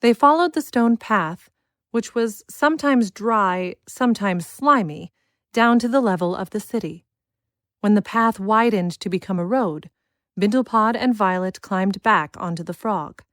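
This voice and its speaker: A woman reading a children's fantasy story aloud in a measured, expressive style. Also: medium pitch, no room sound, studio quality. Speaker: narrator. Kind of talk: scripted audiobook narration.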